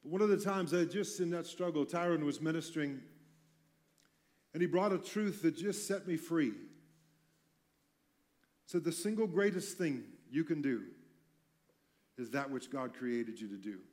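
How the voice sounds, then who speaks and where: A man's voice: a little high, unhurried, pauses often, a little mellow. A man pastor giving a conversational sermon in a church, mixing teaching with self-deprecating jokes. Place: church sanctuary.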